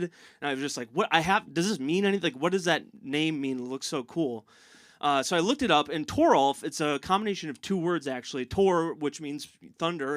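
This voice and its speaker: A man performing a stand-up set on stage. He speaks haltingly with many uh fillers and dry jokes. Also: a little high, no echo. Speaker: stand-up comedian. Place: live comedy show on stage.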